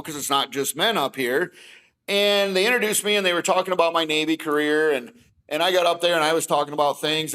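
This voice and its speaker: Podcast guest, middle-aged man, bright and forceful tone, lively storyteller. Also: a little high, low-quality recording. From Wisconsin. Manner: animated storytelling, acting out both sides of conversations. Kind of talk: casual storytelling.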